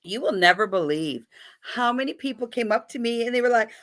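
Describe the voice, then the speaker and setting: A woman's voice: a little high, animated, fairly quick, fairly bright tone. A woman hosting a live stream in a chatty, playful way, greeting viewers by name. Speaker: livestream host. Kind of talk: casual live-stream chat.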